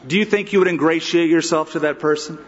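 A man's voice: a little high, quick pace, big-room sound, muffled recording, a little hiss or hum. A pastor giving an emphatic, conversational expository sermon, asking his listeners rhetorical questions.

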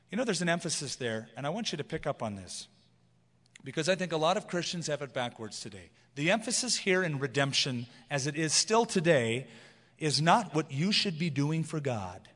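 Earnest pastor preaching in a reverberant hall. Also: male voice, mid-range voice, a bit bright. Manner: earnest, emphatic, slows for scripture, mocks guilt-preaching. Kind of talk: expository sermon.

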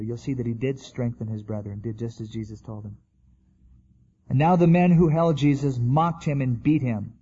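Preacher with a husky, mellow voice. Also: male voice, on the high side, muffled recording. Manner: conversational preaching, acts out quotes. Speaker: pastor. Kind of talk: sermon.

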